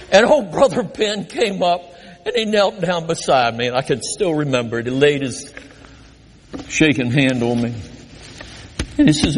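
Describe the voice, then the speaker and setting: Speaking at a normal speed with frequent pauses, an older pastor whose voice sits a little high recounts embarrassing tales from his early ministry during a sermon. He's animated and quick to laugh at himself. Slight background noise mixes with the church hall's long reverb.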